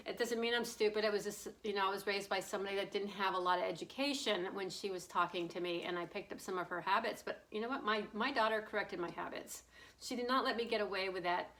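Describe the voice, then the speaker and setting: A middle-aged woman talks off the cuff, blunt and meandering, dropping curses and breaking into laughs as she goes. Her voice sits at an ordinary middle pitch for a woman, and she speaks like someone venting to a camera rather than reading a script. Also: a bit bright, rough recording. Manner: blunt, rambling, swearing, laughing often. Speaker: political commentator. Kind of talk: casual opinion monologue.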